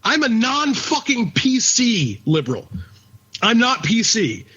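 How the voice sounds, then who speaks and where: A man's voice: very high-pitched, wildly swooping pitch, takes it slowly, pushed and bright, husky. A man co-hosting a casual podcast, talking in a blunt, profane rant. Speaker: podcast co-host. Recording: dull lo-fi recording.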